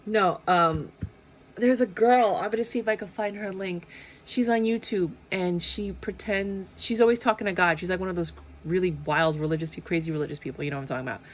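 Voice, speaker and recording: A woman's voice: fairly low pitch, fairly quick, a little hiss or hum. A woman giving a casual tarot reading in a chatty way, often laughing and acting out little quotes. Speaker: tarot reader.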